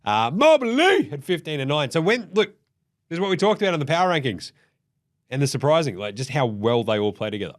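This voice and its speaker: This basketball recap host has an Australian accent and a fairly high, sing-song voice, and he talks briskly. He curses freely and plays out what the players might have said, keeping the rundown casual and profane.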